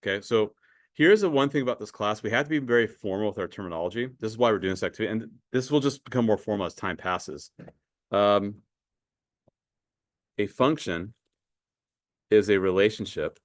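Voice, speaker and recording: A man's voice: fairly low pitch, a little fast, pauses often, no echo, studio quality. A man teaching a math class in a conversational way, asking students questions and often repeating words. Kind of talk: classroom lecture.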